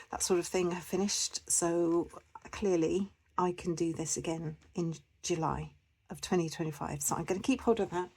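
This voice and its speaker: A woman's voice: on the low side, warm tone, slight background noise. A woman chatting casually to camera as a budgeting vlogger, rambling with lots of fillers and restarts.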